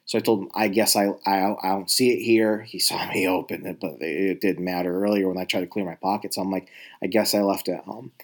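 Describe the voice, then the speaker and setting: A man's voice: low voice, steady tone, brisk. A man telling a rambling, profane story in a casual monologue, exasperated and full of restarts. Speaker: talker recounting travel stories.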